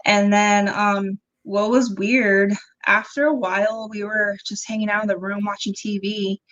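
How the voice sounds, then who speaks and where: A young woman chatting as a guest on a podcast, telling her own story with plenty of ums and quick laughs. She acts out the lines of the people in it as she goes. Her voice sits at an ordinary middle pitch, and the sound is a little dull and lo-fi. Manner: animated, acts out quoted dialogue, frequent ums and laughs. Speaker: interview guest. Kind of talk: casual storytelling conversation.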